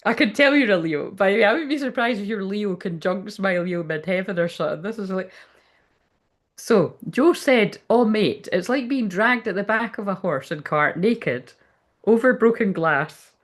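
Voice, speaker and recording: A Scottish woman reads tarot on a livestream in a loose, chatty way. She is blunt and swears freely, and her speech is full of fillers and restarts. Her voice sits at a middle pitch. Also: expressive, moderate pace. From Scotland. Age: adult, ten years online. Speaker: spiritual reader on a livestream. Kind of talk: casual live tarot reading.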